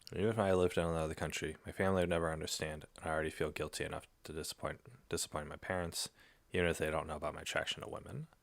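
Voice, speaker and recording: A man's voice: extremely low pitch, little pitch movement, very fast, vocal fry. A man giving casual, playful reaction commentary, laughing often and chatting to his cat. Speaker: online content creator.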